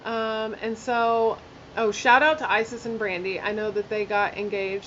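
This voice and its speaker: A woman chats through a storytime vlog as she does her makeup, candid and blunt, leaning on fillers and the odd curse. Her voice sits a little high, and the recording is a bit dull and lo-fi with faint room ambience behind her. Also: steady tone, a little slow, fairly bright tone, a little hiss or hum. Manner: chatty, filler-heavy, candid and blunt with swearing. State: emotional, near tears. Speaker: vlogger. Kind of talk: casual storytime while doing makeup.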